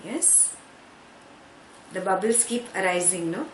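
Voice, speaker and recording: A woman teaching a scripture class, patiently explaining Sanskrit words and checking in with listeners. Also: mid-range voice. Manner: slow, patient, checks understanding with frequent "yeah?". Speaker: spiritual teacher. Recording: echoey room, faint background noise.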